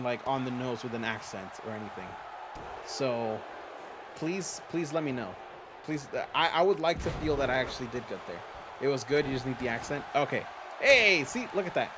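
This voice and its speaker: Against a noisy background, a mid-range male voice chats and teases as he commentates a wrestling game for his livestream viewers. He's the host of a fantasy wrestling league and talks straight to the chat.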